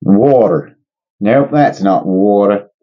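Casual male host, slow, lively delivery, muffled lo-fi audio. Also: on the low side. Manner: playful, jokey, excitable guessing. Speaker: channel host opening card packs. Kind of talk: casual chat.

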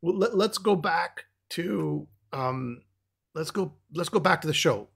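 A man's voice: fairly high pitch, expressive, measured pace, creaky, fairly bright tone, breathy edge. A man hosting a casual podcast interview, steering the guest along with prompting questions. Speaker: podcast host.

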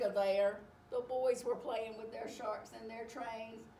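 A woman reading a picture book aloud to children, animated and expressive as she tells the story. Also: on the high side, slow pace. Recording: echoey room, distant mic, faint hiss.

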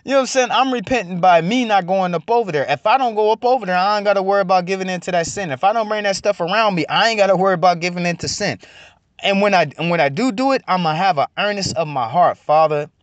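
Man, high bright voice, dry sound, preachy motivational talk, keeps calling listeners family. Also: fast, no echo, lo-fi sound. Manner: repetitive, calls listeners "family" constantly, swings loud and soft. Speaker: online inspirational speaker.

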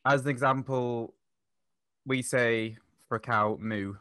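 Casting: male podcast guest, bright tense tone, close dry sound, explains patiently. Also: medium pitch, fairly even intonation, takes it slowly, clean tone, dry recording. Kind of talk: casual podcast chat.

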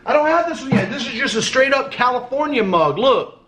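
A man's voice: extremely high pitch, expressive, a little fast, crowd noise. A man vlogging as he opens fan mail, chatting casually, cursing and joking and stumbling a little as he reads notes aloud. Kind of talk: casual unboxing chat.

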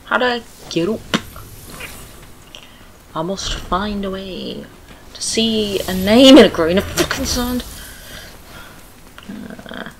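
Sweary British woman yelling at a game. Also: medium pitch, background noise. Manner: swears, shouts at the game, laughs often. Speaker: gaming streamer. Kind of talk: casual let's-play commentary.

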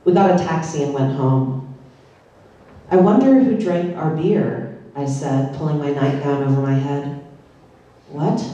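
Deadpan woman reading in an echoey hall. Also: sits low, far from the mic. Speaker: author reading her novel. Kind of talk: public reading. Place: large synagogue hall.

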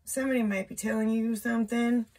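A woman doing a casual solo tarot reading, slow and musing, thinking aloud with blunt asides. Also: fairly high pitch, fairly even intonation, a little mellow, slight background noise. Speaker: tarot reader. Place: indoor room with a window.

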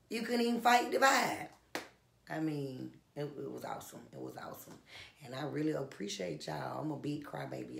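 A woman singer chatting casually to her fans in an effusive, soft-spoken way, often calling out to them directly. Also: low voice, vocal fry. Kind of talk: casual vlog chat. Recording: roomy echo with faint guitar behind.

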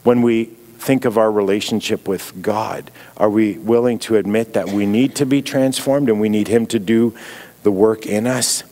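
A middle-aged man with a Canadian accent speaks from the pulpit in a slightly low voice. His sermon is earnest and reflective, and he drops softer when he quotes a phrase. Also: steady tone, normal speed. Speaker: guest speaker.

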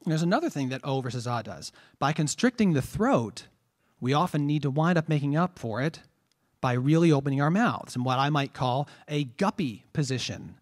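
In a trombone masterclass lecture, a man with a somewhat high, animated voice talks at a moderate pace about breathing, posing rhetorical questions and demonstrating vowel sounds.

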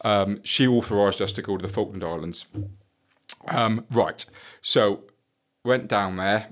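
A middle-aged former police detective tells a story on a podcast, blunt and swearing freely as he acts out the dialogue. His voice is fairly low and fairly bright, and he takes his time.

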